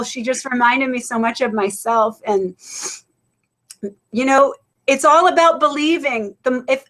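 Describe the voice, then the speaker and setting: Woman, spiritual webinar co-host, high voice, emphatic, preachy, video-call sound. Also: a bit bright. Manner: emphatic, gets passionate and preachy. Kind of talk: passionate inspirational chat.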